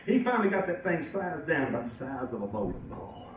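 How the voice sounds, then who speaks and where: A man's voice: on the high side, sing-song, a little fast, slight background noise. A man telling a folksy tale live, chuckling often as he goes. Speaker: storyteller. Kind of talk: live storytelling. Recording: echoey hall from far off.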